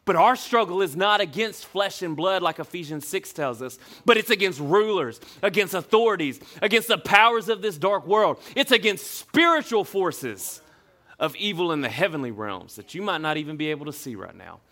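Man, pastor, sermon, high pitched, bright tone, animated preaching. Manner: animated preaching, dropping low and slow for scripture.

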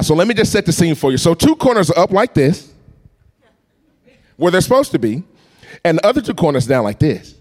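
A man preaching a storytelling sermon, animated and acting out voices and sounds. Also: fairly high pitch. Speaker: pastor.

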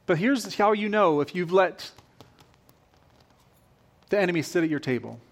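A male pastor delivering a sermon in an animated way, repeating phrases for emphasis. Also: high voice, moderate pace.

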